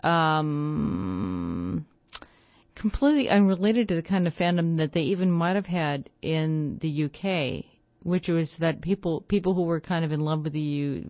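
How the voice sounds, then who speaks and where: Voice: medium pitch, normal speed, no room sound. American radio host who talks in long asides and thinks aloud on air. Mid-range voice, close dry mic, muffled lo-fi sound. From United States. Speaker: radio host and record presenter.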